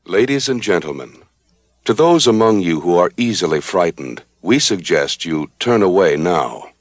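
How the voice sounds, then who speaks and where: A man voicing a sinister male horror-show announcer, slow and ominous. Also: sing-song, dry recording. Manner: slow, ominous, booming delivery.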